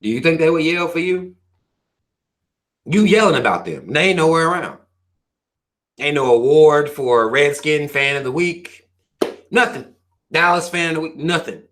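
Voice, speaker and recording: A man's voice: a little high, animated, moderate pace, long pauses, fairly bright tone. A man hosting a livestream, reading viewer comments aloud and ranting at them in a profane, preachy way, firing questions at his listeners. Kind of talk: livestream rant.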